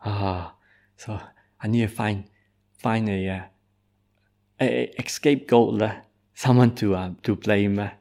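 An anxious young village girl frets aloud in a pleading way. The voice sits only a little higher than a low, gravelly man's voice, as a man acts her out in a spoken story. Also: fairly even intonation, slow pace, long pauses, a little mellow. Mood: fretful. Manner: fretful, pleading.

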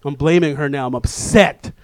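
A pastor with a fairly high voice preaches a sermon at normal speed, sharing a lively, self-deprecating personal story with his congregation. The recording sounds close and dry, with little room echo.

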